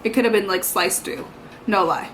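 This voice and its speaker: A woman's voice: medium pitch, normal speed, fairly bright tone, a little hiss or hum. A young woman vlogging in a casual storytime, rambling and chatty, filling her talk with "like" and "you know".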